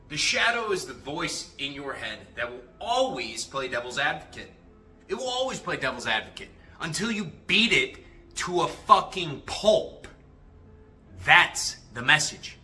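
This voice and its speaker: A man's voice: fairly high pitch, big pitch swings, unhurried, pushed and bright, soft background music. A young man on a livestream giving a profane, aggressive, confrontational motivational rant as coach and host.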